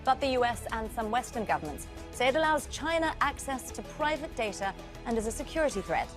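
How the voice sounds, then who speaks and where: A woman presenting a scripted news intro with a crisp, measured delivery, played from a news clip. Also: a little high, sing-song. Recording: news clip with faint music bed.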